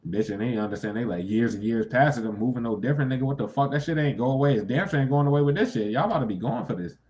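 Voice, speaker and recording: A man's voice: mid-range voice, rapid-fire, darkish tone. A young man giving a casual tarot reading, talking bluntly and with heavy profanity, breaking into sudden incredulous outbursts. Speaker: tarot reader.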